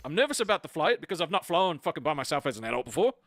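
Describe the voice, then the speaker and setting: A man talks fast and defends himself with plenty of swearing. His voice is high and bright, recorded close and dry with no room sound. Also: sing-song, no echo. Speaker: co-host of a stream. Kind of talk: heated argument on stream.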